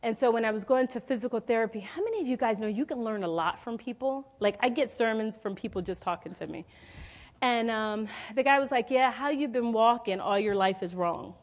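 A woman in her forties with a fairly high voice preaches at a fairly quick pace. Her sermon is conversational and story-driven, and she calls out questions to the congregation.

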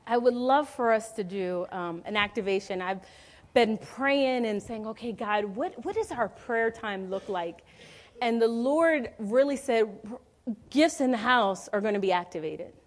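A woman's voice: fairly high pitch, lively intonation, a little slow. Woman in her forties preaching a sermon. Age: 40s. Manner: conversational storytelling with call-outs to the congregation.

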